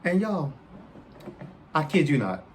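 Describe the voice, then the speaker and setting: Animated man telling a story. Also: a little high, slow pace, a little hiss or hum. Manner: animated, addresses listeners directly, acts out quotes. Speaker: podcast host. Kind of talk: personal storytelling.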